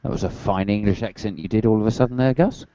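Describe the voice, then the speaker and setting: A man's voice: on the low side, fast talker, mellow, slight background noise. A man in a casual group chat, teasing with dry jokes. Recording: dull lo-fi stream audio.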